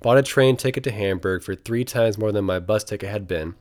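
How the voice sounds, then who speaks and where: A man's voice: lowish voice, a little fast. A young man reading his own travel memoir aloud in an earnest, reflective storytelling manner. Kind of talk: memoir narration read aloud.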